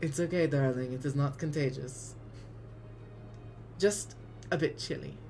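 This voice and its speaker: A woman voicing a gracious, gentle masked woman who speaks softly and affectionately. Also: lowish voice, unhurried, slight background noise, natural voice. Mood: tender. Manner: soft, affectionate, calls people darling.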